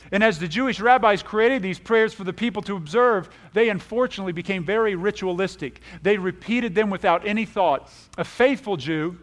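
A man preaching a folksy, animated sermon, often laughing and saying amen. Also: sits high. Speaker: pastor.

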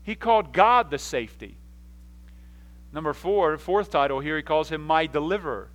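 A man's voice: a little high, low-quality recording. A man preaching a sermon, telling Bible stories with acted-out voices, frequent restarts and sudden bursts of volume. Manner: animated storyteller, acts out scenes with quick voices and sudden shouts; frequent restarts and repeated words. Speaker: pastor.

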